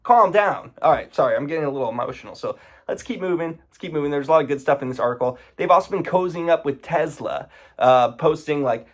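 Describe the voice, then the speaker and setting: A man giving casual commentary, sarcastic and indignant, often breaking into exasperated outbursts. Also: mid-range voice.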